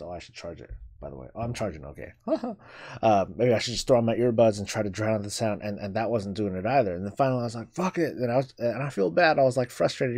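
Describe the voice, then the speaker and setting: A man's voice: on the low side, a little mellow. Rambling man on a casual live stream. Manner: rambling, repeats words, swears casually.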